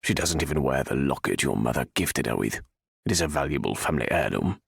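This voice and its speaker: A huffing, contemptuous aristocrat of advancing years, voiced low and gravelly. His voice is husky and dry, with no room around it, as a man acts him out. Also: expressive, fairly quick, dry recording, exaggerated voice. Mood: disdainful. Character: scheming aristocratic older viscount, cold and disdainful.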